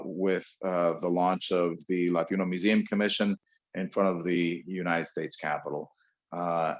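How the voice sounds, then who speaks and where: In this webinar on public speaking, the presenter is a man from New York with a low voice who leans on fillers and pauses for emphasis. The recording sounds flat and lo-fi.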